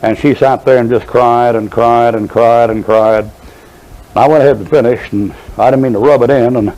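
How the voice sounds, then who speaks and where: An older man preaches a sermon in a folksy, storytelling way, drifting into asides as he goes. His voice is dark and mellow. It sounds like an old sermon recording. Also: mid-range voice, fairly even intonation, normal speed, dull audio.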